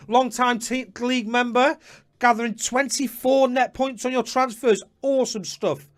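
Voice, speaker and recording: A man's voice: very high voice, steady tone, normal speed, a bit bright. Chatty man hosting a live stream. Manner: chatty, addresses viewers by name, apologetic asides. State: slightly out of breath. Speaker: host. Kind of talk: live-stream fantasy football chat.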